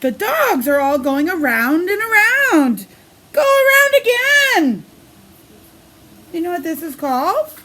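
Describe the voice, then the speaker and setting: Animated woman reading a picture book aloud. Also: very high-pitched, normal speed, hardly any pauses. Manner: animated, sing-song storybook delivery with questions to the kids. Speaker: preschool teacher.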